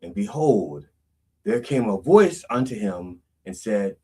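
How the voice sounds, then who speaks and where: Male reverend host, comedic sermon, rambling and self-correcting, very animated pitch, sitting off-mic. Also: measured pace, breathy edge, distant mic.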